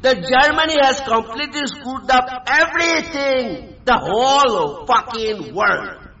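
Man on an erratic shouting rant, high gravelly voice, slow delivery, dull lo-fi sound. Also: expressive. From India. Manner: shouting, threatening, erratic pitch jumps. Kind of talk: angry rant. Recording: dull lo-fi recording.

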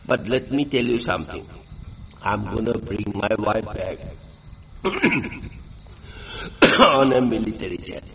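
A man's voice: on the low side, big pitch swings, slow, creaky, long pauses, noisy background. A tipsy man delivers a rambling monologue. He is crude and boastful, and he stammers through many fillers. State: tipsy from drinking.

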